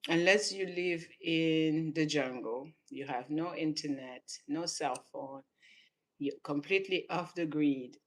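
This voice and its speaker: A woman's voice: deep voice, a little slow. A woman from Senegal, raised in southern France, giving casual reaction commentary and laughing often between emphatic remarks. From born in Senegal, raised in southern France. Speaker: vlogger reacting to clips.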